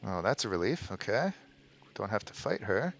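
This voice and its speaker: A man's voice: fairly low pitch, sing-song, moderate pace, gravelly, a little hiss or hum. A man hosting a let's play, giving casual gameplay commentary in a rambling way with frequent ums. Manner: rambling, many ums and restarts.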